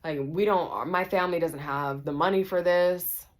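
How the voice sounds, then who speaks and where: Lady doing a stern dad lecturing, low voice, pretty much her own. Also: normal speed, close to an everyday voice. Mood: scolding. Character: stern middle-aged father scolding his daughter.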